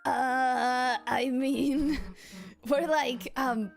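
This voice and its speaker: Excitable high-voiced woman streamer. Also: extremely slow, gravelly, soft background music. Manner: excitable, animated, swears freely. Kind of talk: casual game livestream commentary.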